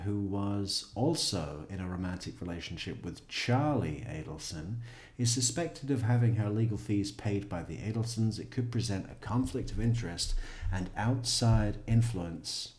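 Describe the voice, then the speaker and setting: A man with a very low voice reads a crime news story aloud and keeps breaking in with dry, sarcastic asides. He sounds like he is in an echoey room, commenting casually. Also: a little mellow.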